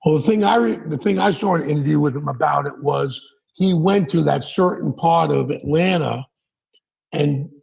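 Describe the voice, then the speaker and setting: A man interviewing a friend in casual chat, speaking haltingly and repeating his words. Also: fairly high pitch, vocal fry, a little mellow, slightly rough. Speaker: guest interviewer.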